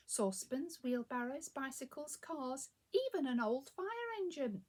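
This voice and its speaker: A woman reading a children's picture book aloud, expressive and inviting listeners to join in. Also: high-pitched, measured pace, hardly any pauses, slightly rough. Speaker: storyteller.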